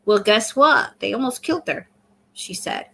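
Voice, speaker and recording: A woman's voice: medium pitch, big pitch swings, normal speed, vocal fry, a bit bright. A middle-aged woman hosting a casual live stream, chatting and thanking viewers as she reads their comments aloud. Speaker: livestream host.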